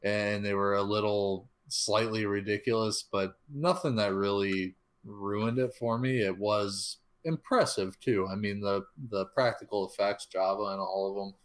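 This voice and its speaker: A man with a lowish voice talks through a film in a relaxed podcast chat. He stumbles, restarts and fills pauses with "um" as he gathers his thoughts. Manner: halting, stuttering, many fillers and restarts. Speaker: podcast co-host. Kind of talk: casual film discussion.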